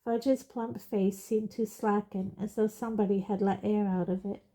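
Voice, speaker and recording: A woman reading a novel aloud in a steady narrating voice. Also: medium pitch, normal speed. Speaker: audiobook reader. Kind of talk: storybook narration.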